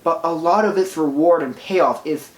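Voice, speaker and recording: An excitable movie reviewer gushes through a casual video review in a mid-pitched voice and drops a swear here and there for emphasis. The voice bounces around a roomy, echoey space. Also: moderate pace. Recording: roomy echo.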